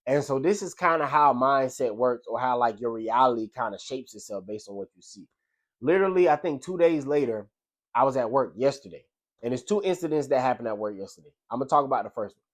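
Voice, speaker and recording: A man's voice: medium pitch, expressive, fast. Slangy man telling everyday stories. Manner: loose, slangy storytelling with frequent "you know what I'm saying". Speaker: delivery driver sharing life lessons. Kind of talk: casual motivational monologue.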